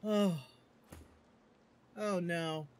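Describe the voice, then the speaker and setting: A woman hosting a livestream, talking in an excitable, giggly, expressive way as she plays a fantasy game at home. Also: lowish voice, drawn-out words, slight background noise. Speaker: streamer and host. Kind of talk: livestream gameplay commentary.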